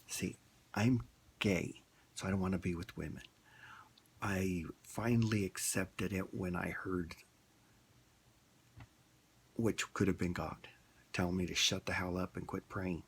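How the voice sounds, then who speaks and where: A man's voice: low-pitched, vocal fry, slight background noise. A man ranting bluntly in a rambling, casual opinion monologue. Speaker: vlogger.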